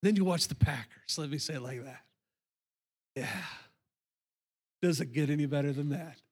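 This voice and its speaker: A man's voice: a little high, moderate pace, darkish tone, slightly rough. A man preaching a sermon as pastor to his congregation in church, emphatic and repetitive. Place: church sanctuary.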